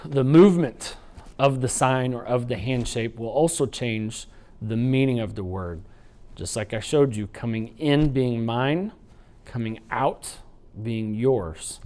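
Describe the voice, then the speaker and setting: A man teaching a sign language training unit in an instructional lecture, explaining patiently and slowing down to demonstrate. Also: medium pitch, mellow. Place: training video recording.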